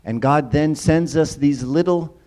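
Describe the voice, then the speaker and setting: Casual church speaker, a man with a mellow, dark voice who keeps tossing questions to the room. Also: a little high, measured pace. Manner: casual, engages audience with questions and repeated "right?". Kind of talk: conversational sermon talk.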